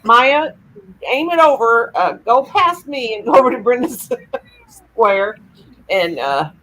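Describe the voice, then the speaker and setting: A woman's voice: fairly high pitch, lively intonation, slow pace, sharp tone. A woman chatting on a video call, playful and teasing, laughing often. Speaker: regular on a video call chat. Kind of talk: casual chat.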